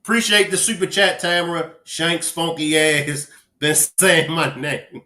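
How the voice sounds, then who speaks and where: A man's voice: fairly high pitch, fairly even intonation, unhurried, sharp tone. A man with a Baltimore accent hosting a casual live stream, joking playfully with viewers and reading their names aloud. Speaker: livestream host. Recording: roomy echo.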